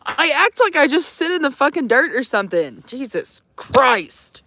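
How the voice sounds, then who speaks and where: A young woman with a drawl livestreams from her van into a phone, teasing her viewers and swearing freely. Her voice sits a bit high and swings widely in pitch. The sound is close and dry, with no room ring. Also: very animated, brisk, bright, forceful tone, dry recording. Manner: swearing, teasing, sassy, addresses viewers as y'all. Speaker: vanlife livestreamer. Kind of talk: casual livestream chat.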